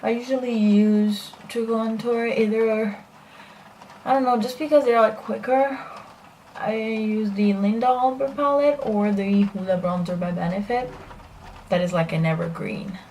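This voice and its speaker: A woman's voice: a little high, steady tone, measured pace, a little mellow, a little hiss or hum. A young woman chatting casually through a makeup tutorial as a beauty vlogger, self-deprecating and full of fillers.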